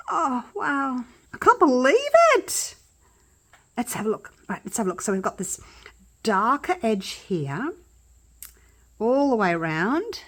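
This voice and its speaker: Excitable chatty woman crafter. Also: on the high side. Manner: chatty, excitable, talks straight to viewers. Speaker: resin craft vlogger. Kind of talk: casual vlog narration. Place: home craft studio.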